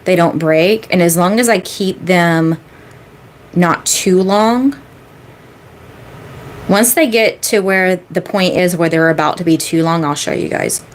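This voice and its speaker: A woman's voice: on the low side, measured pace, pauses often, a little hiss or hum. A woman in her thirties, a manifestation coach chatting casually on a live-stream Q&A, rambling with lots of fillers and repeating key phrases for emphasis.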